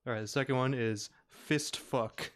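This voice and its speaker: A man's voice: medium pitch, steady tone, moderate pace, a bit bright. A man co-hosting a casual podcast, laughing often as he chats. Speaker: podcast co-host. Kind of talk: casual chat.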